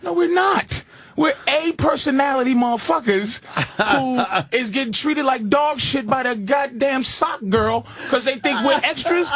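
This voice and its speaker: A man on a radio talk show telling animated stories, swearing and doing loud asides. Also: extremely high pitch, unhurried, no echo. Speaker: comedian guest. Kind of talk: casual radio chat.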